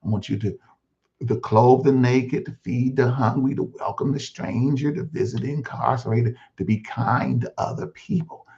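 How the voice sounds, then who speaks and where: A man's voice: mid-range voice, moderate pace, vocal fry, a little mellow, voice pushed down, lightly acted. A man voicing God as a patient, fatherly male Lord who coaxes and repeats himself in a one-man sermon skit. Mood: coaxing. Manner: coaxing, pastoral, repeats himself. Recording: dull lo-fi recording.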